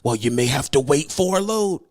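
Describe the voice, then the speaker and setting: A pushy freight dispatcher who is all friendly sales pitch, talking chummy and wheedling in a voice pitched well above his usual, as a man puts him on. His tone swoops around as he tries to sweet-talk the driver. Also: lively intonation, moderate pace, natural voice.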